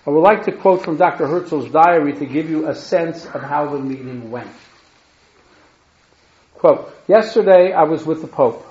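A man's fairly high voice gives a history lecture, reading long diary quotations aloud with frequent restarts and self-corrections. The sound is lo-fi and muffled, and the room around him is echoey. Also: normal speed, darkish tone.

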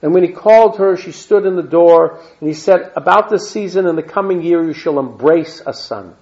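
A man's voice: a little high, normal speed, a little mellow. Man teaching scripture, lo-fi recording. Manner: reads verses then adds plain asides and Hebrew terms. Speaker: Torah teacher. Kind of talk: reading and explaining scripture. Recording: dull lo-fi recording.

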